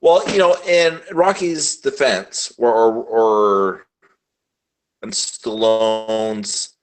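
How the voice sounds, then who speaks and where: Podcast co-host, man, deliberate and halting, lowish voice, slow delivery, remote call. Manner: hesitant, many "uh" fillers, measured. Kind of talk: casual film discussion.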